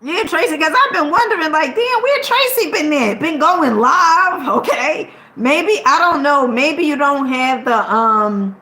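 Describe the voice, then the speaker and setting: A woman content creator talks straight to her audience with an emphatic, preachy delivery, checking in with "okay?" after nearly every point and swearing now and then. Her voice sits a little high. The sound carries a noticeable room echo. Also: lively intonation, unhurried, few pauses, pushed and bright. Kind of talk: motivational talk to camera.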